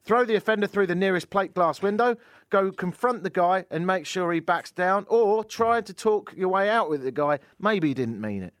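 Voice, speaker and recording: A man's voice: sits high, normal speed, dry recording. A man in his thirties hosting a casual radio chat in a studio, joking and telling wry stories. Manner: joking, wry, animated storyteller. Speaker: radio show host. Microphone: studio microphone.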